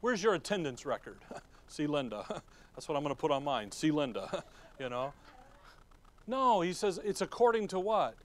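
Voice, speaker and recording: Folksy preacher, high voice. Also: male voice, lively intonation, unhurried, pauses often. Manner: folksy, asks the congregation questions and chuckles. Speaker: pastor. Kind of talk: sermon.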